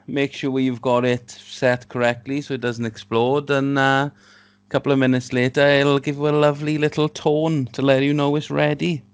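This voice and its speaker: South Welsh man, podcast guest, hesitant and rambling, mid-pitched voice, dry sound. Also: flat delivery, moderate pace, clean tone, no room sound. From Wales. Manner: hesitant, rambling, laughs easily. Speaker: guest, robot builder. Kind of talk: casual podcast chat.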